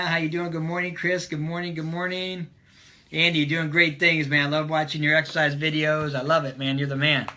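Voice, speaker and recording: A man's voice: a little high, pushed and bright, a little hiss or hum. A man hosting a casual live stream, upbeat and greeting viewers by name as they join.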